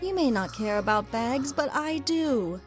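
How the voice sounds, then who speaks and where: A woman's voice: high-pitched, expressive, a little slow, soft background music. A woman voicing a sleepy, vain female vampire who speaks drowsily in a fan audio drama. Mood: drowsy.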